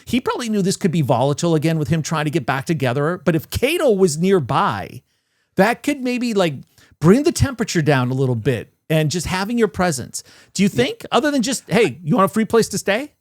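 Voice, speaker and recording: A man's voice: on the high side, sing-song, brisk, dry recording, studio quality. A man hosting an interview, asking long, loose questions and chiming in with agreement. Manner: chatty, loose questions with frequent backchannels. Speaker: host. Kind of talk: casual interview.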